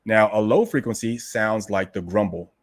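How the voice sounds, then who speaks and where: A man with a fairly low voice who reads a passage aloud and then breaks it down for his listeners. He talks in an emphatic, conversational way, keeps checking in with "right?", and calls his audience "guys" like a coach talking to a team. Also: moderate pace. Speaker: host explaining a martial arts classic. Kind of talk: reading passages aloud, then explaining them casually.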